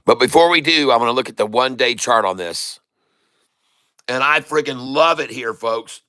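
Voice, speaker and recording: A middle-aged man hosting live day-trading commentary, excitable and folksy, repeating phrases for emphasis. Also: mid-range voice, moderate pace, clean tone. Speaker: day trader host.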